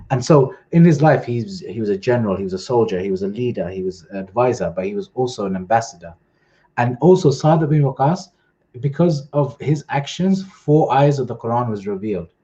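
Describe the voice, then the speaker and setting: A man's voice: on the low side, dark tone, muffled recording. A man in a livestream, casually retelling historical stories and quoting people with "he goes", often restarting his phrases. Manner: informal retelling, voices quotes with "he goes", frequent restarts. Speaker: student storyteller at a livestream. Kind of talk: casual storytelling. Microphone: home computer mic on a livestream.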